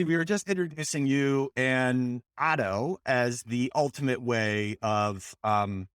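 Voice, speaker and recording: A man's voice: on the low side, a bit bright, dry recording, clean studio sound. A man co-hosting a podcast in a loose, joking way, swearing freely and trailing off with fillers. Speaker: podcast co-host. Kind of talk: casual chat.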